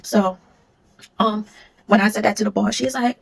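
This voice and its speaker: A woman's voice: mid-range voice, creaky, husky. A woman, a former security supervisor, casually telling a storytime vlog and acting out what others said. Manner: rapid, animated retelling, acting out what others said.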